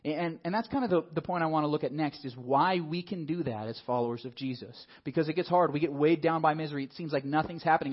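A pastor with a slightly high voice preaches in a lively, conversational manner, often putting questions to the congregation. The audio is dull.

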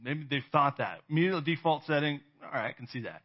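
This pastor's voice is on the high side, animated and fairly quick. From California, he gives a conversational sermon, regularly checking in with "right?", laughing now and then and acting out the voices he quotes. The audio is dull and lo-fi.

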